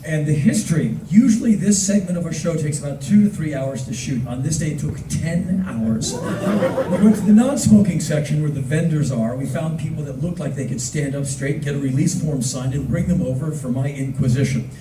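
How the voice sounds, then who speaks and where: A man telling funny stories live on stage, lively and loud at times, acting out other people's voices. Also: a little high, moderate pace. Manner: animated, acts out voices, loud bursts. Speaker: spoken word performer. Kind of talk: live spoken word storytelling. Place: theater stage before an audience. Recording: roomy, distant audience recording with noise. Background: audience laughter.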